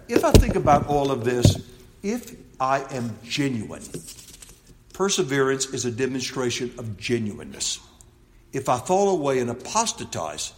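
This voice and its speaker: A man preaching an expository sermon, reading scripture aloud with slow emphasis and then dropping to a quiet, reflective tone. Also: medium pitch, a little hiss or hum. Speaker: pastor. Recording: long hall reverb.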